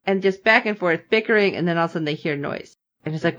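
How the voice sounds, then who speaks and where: A woman's voice: on the low side, fast talker, muffled recording. A woman in casual chat, animatedly recapping a TV episode and acting out the characters' lines. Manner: animated storyteller, acting out both sides of the scene. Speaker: podcast co-host recapping a TV episode.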